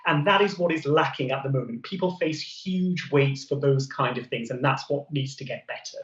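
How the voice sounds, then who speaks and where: A man, a TV doctor, giving brisk, clear health advice on a morning show. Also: medium pitch, fairly bright tone, roomy sound, distant mic, muffled recording. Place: TV studio.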